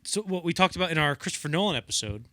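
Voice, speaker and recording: Young male podcast co-host. Bright, lively storyteller, dry sound. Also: fairly high pitch, very fast, no room sound. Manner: animated storyteller acting out quotes in voices. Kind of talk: casual film-history chat.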